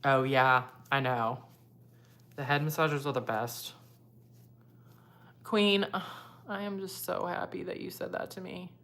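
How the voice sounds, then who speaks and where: Low-voiced woman chatting through her makeup. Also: moderate pace, vocal fry, a bit bright. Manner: chatty, reads out viewer comments and answers them. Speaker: beauty vlogger. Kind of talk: casual livestream chat while doing makeup.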